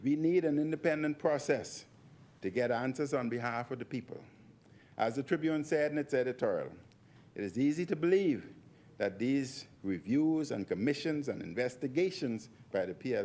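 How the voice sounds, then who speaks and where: A man giving a speech in parliament, forceful and repeating phrases for emphasis. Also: medium pitch. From Bahamas. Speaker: member of parliament. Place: parliament chamber.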